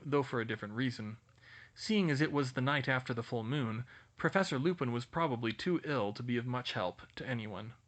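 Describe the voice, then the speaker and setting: Expressive man reading a story aloud. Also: mid-range voice. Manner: expressive storytelling, voices each character. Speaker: reader. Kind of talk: reading fan fiction aloud.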